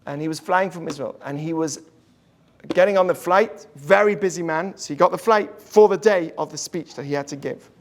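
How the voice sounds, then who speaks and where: High voiced rabbi guy, earnest storytelling, talking to a crowd about faith. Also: normal speed, slight background noise. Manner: earnest storytelling, drops to a hush for quoted lines. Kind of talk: inspirational talk to an audience.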